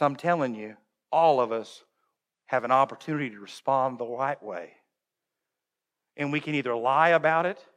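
A male pastor preaching a humorous, animated sermon and acting out voices, recorded in a church. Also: mid-range voice, long reverb tail.

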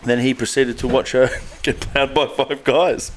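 A man's voice: medium pitch, fairly even intonation, measured pace, slight background noise. A man co-hosting a podcast, reading joke news items in a crude, swearing, joking way. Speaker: podcast co-host.

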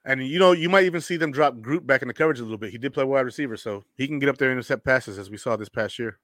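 An energetic man hosts a casual sports show and answers viewer comments. His voice is bright and forceful and swings between loud jokes and low asides. The sound is dry and close. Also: no echo. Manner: energetic, animated, joking, quick bursts.

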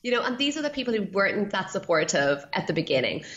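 A woman speaking as a podcast guest and coach, earnest and animated, with lots of casual fillers. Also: mid-range voice, fast talker. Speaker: guest, feng shui and yoga coach. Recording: roomy, dull lo-fi sound.

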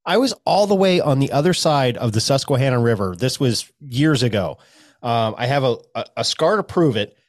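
A man's voice: mid-range voice, expressive, moderate pace, dry recording, studio quality. A man co-hosting a podcast, telling a rambling, profane story in casual chat. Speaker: podcast co-host.

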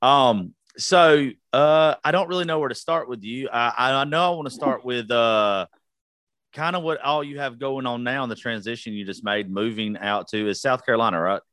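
A man's voice: mid-range voice, moderate pace, fairly bright tone, no room sound. A man in his thirties with a Southern US accent hosting a casual podcast interview, folksy and joking, swearing casually. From Georgia, US. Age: 30s. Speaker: podcast host.

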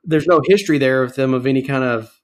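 A man's voice: medium pitch, fast talker. A man co-hosting a casual podcast, talking things over chattily and stopping to restart his sentences. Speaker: podcast co-host.

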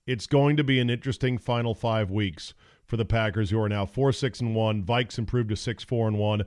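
A middle-aged man hosting a solo sports talk podcast, giving opinionated, sarcastic takes with animated jokes and asides. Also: fairly low pitch, brisk.

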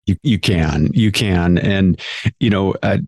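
Deep-voiced man telling a career story. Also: slow, a little mellow, no room sound, muffled recording. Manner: earnest, many restarts and repeated words. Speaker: hair education director, guest. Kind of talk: casual storytelling conversation.

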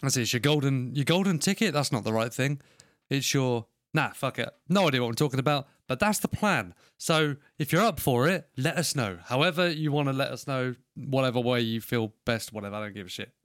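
A man's voice: mid-range voice, animated, a little fast, a bit bright, dry recording, studio quality. A man co-hosting a podcast in casual, sweary, laughing banter. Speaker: podcast co-host. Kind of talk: casual chat.

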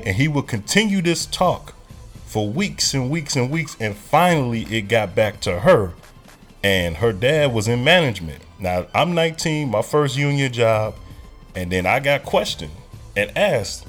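A man's voice: mid-range voice, expressive, normal speed, faint music behind. A man hosting a casual podcast, telling a loose, profane story. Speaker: podcast host.

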